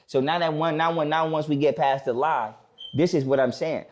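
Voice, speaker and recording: A man with a slightly raised pitch speaks in a casual podcast conversation. He is blunt and profane. He often restarts his sentences and slowly repeats the points he wants to drive home. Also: steady tone, darkish tone. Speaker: podcast guest.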